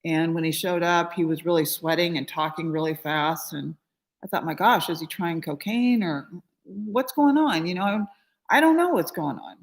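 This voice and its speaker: Middle-aged woman telling an emotional story. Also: moderate pace. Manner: animated, acts out quoted voices with rising pitch and volume; conversational, frequent 'you know' fillers. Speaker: spiritual healer.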